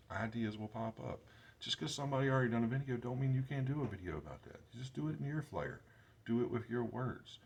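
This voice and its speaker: A man's voice: low-pitched, breathy edge. A man in his forties with grandchildren, talking casually and rambling to camera in his workshop vlog, with loose, self-deprecating grammar. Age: 40s. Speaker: YouTube creator.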